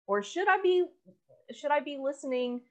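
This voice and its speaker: Animated woman explaining communication. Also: sits high, moderate pace. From United States. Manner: animated, explanatory, laughs easily. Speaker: communication coach and teacher. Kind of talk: casual podcast conversation.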